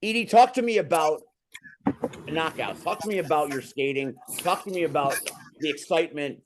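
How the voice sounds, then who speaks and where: A man's voice: a little high, moderate pace, background noise. Joking male host on a video call. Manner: joking, teasing. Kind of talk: casual group chat.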